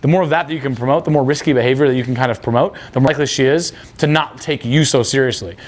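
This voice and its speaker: Fast-talking blunt male dating coach. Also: medium pitch. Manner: blunt, casual, crude slang; acts out quoted dialogue. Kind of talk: coaching talk.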